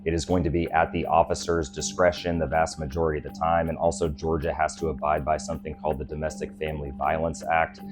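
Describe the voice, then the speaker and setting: A man with a very low, deep voice delivers measured, explanatory commentary on police footage. He speaks as a former deputy sheriff in a scripted voice-over. Clear music plays under him. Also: level tone.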